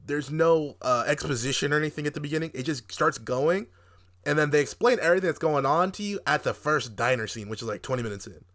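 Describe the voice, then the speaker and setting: A young man co-hosting a podcast, reviewing a movie in casual chat, animated and profane, laughing often and acting out quotes. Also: fairly high pitch, fast talker. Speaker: podcast co-host.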